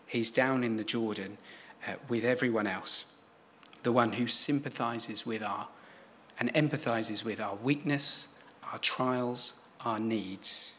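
A man preaching a sermon, measured and emphatic, repeating key phrases for weight. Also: medium pitch, a bit bright, a little hiss or hum.

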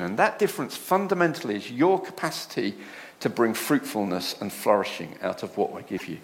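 A male preacher giving a sermon in a church with a lively, rising and falling pitch. He speaks at a middle pitch and keeps putting rhetorical questions to the congregation. When he quotes others, he acts out their voices with a flair for drama. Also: brisk.

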